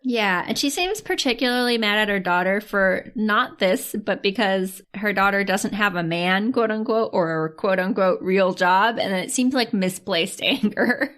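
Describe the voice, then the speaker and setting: A woman's voice: mid-range voice, a little slow, few pauses. A young adult woman casually recapping a drama, laughing often and acting out the characters' quotes. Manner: animated storytelling, laughs often, acts out quotes. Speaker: podcast co-host recapping a drama. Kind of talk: casual chat.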